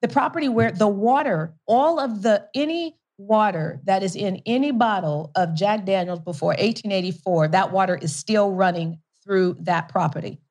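A middle-aged woman speaks at medium pitch and a moderate pace, with few pauses and a somewhat dark tone. She's a whiskey company founder and investor being interviewed, telling her story energetically, laughing often and restarting her sentences.

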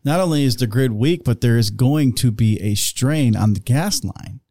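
A man co-hosting a casual podcast chat, chiming in with quick jokes and opinions. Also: mid-range voice, expressive, mellow, dry recording, clean studio sound. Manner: joking interjections, quick quips. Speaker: podcast co-host.

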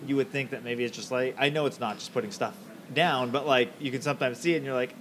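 A man's voice: medium pitch, quick pace, few pauses, a bit bright, slight background noise. A man hosting a casual podcast interview, asking questions hesitantly with many fillers. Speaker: podcast host.

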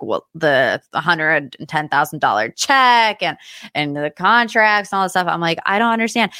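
Female podcast host, mid-range voice, chatty and lively, dry booth sound. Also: medium pitch, no echo. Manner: chatty, animated, does impressions of cast members. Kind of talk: casual recap monologue.

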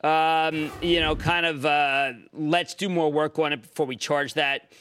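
A man with a Pennsylvania accent hosting a stock market show, emphatic and excitable, breaking into shouts of enthusiasm. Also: on the high side, a little hiss or hum. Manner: emphatic, shouts bursts of enthusiasm, fast and animated. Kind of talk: excitable financial commentary.

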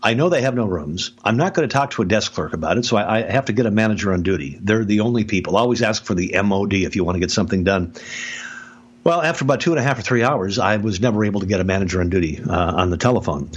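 A man telling a story in a casual podcast conversation, animated, with many restarts and sudden jumps in pitch. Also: fast, slightly rough, highs cut off. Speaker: podcast guest expert, speaker and author.

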